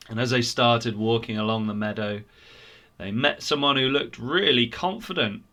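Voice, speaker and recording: A man retelling a story for children at church, animated and expressive. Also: mid-range voice, normal speed.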